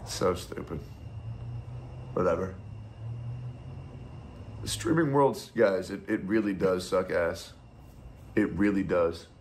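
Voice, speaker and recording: A man's voice: low-pitched, takes it slowly, pauses often, a little mellow, a little hiss or hum. A man ranting bitterly as a streamer, sarcastic and profane. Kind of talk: ranting monologue.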